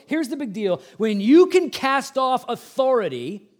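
Male pastor, forties, sermon, high voice, dramatic swings from loud to quiet. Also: brisk. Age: 40s. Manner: animated, acts out mocking quotes, swings from loud to hushed.

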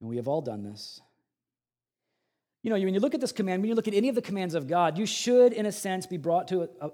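A man in his forties preaching a sermon, animated, acting out mocking voices and swinging between loud and hushed delivery. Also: high voice. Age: 40s. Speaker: pastor.

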